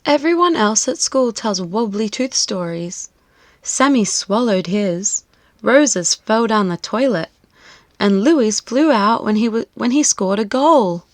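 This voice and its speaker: A woman voicing an excited little schoolboy with a wobbly tooth in a storybook read-aloud, high, eager and a bit whiny. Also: measured pace, no room sound.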